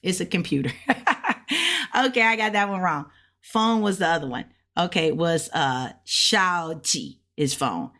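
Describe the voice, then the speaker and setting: A woman reviewing beginner flashcards out loud, thinking aloud in a relaxed, colloquial way and slowly repeating words to practise them. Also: lowish voice. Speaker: language learner reviewing flashcards. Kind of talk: casual self-study walkthrough.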